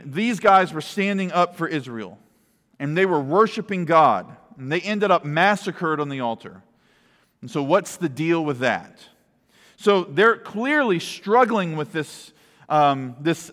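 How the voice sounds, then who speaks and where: A man's voice: a little high, a bit bright. A man preaching a sermon in a church, reading scripture and then explaining it in an earnest, conversational way with asides to the congregation. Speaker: pastor. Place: church sanctuary. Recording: long hall reverb.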